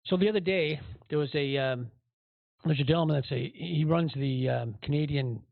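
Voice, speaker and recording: A man's voice: fairly high pitch, normal speed, gravelly, no echo. A man hosting a podcast, giving rambling, indignant commentary with many fillers. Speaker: podcast host. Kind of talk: casual commentary. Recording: tinny phone-like audio.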